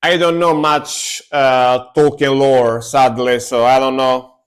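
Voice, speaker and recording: A man reacting to music on a live stream, speaking slowly in an easygoing way. He keeps doubling his words for emphasis, and his pitch stays mid-range. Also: level tone, smooth. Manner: laid-back, repeats words for emphasis.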